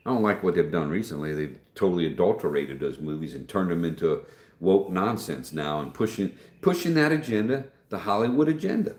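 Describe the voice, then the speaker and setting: A middle-aged man with a low, expressive, darkish voice hosts a casual livestream from home, talking briskly. He rambles in a folksy way, trailing off and restarting as he reads viewer comments aloud. The room sounds echoey.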